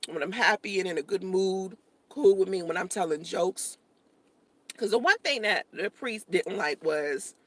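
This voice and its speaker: Parked in her car and eating, a young woman vlogs casually, chatty and joking while talking with her mouth full, in a medium-pitched voice.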